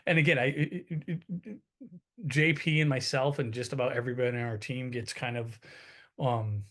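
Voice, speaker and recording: Guy hosting a webinar, chill and salesy, kinda restarts a lot, mid pitch. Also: fairly even intonation, normal speed. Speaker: co-host. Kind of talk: webinar talk.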